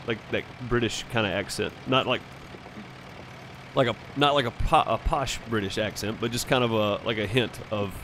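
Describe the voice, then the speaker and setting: A man's voice: on the low side, normal speed, a bit bright, slight background noise. Chatty man on a game stream. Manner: rambling, chatty, fillers and restarts. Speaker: streamer playing a farming game. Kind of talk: casual storytelling over voice chat.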